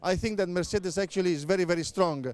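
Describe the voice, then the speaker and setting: A middle-aged Italian man, a former racing driver turned motorsport pundit, answers interview questions in his native-accented English, his voice high and slightly hissy or humming in the background. He pauses often on filler sounds and restarts his phrases.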